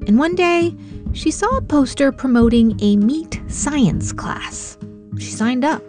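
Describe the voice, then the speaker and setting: A woman hosting a radio show, narrating a scripted story in a clear, measured way. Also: high-pitched, animated, darkish tone. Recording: music bed under the voice.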